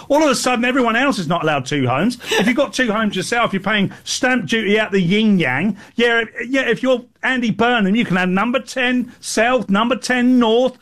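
A man's voice: very high voice, a bit bright. A British man co-hosting a political talk show, ranting indignantly about government policy. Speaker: co-host. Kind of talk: political opinion chat.

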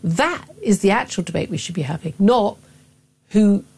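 A woman's voice: mid-range voice, animated, normal speed, vocal fry, darkish tone, breathy edge. A woman, a middle-aged talk radio host, delivering emphatic, opinionated commentary with frequent restarts.

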